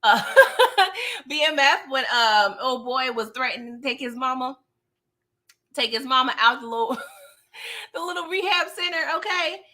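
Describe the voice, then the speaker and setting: Bright, chatty woman host. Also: high-pitched, expressive, measured pace, long pauses. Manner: slangy, chatty, laughs often. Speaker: TV show recap host. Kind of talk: casual livestream recap.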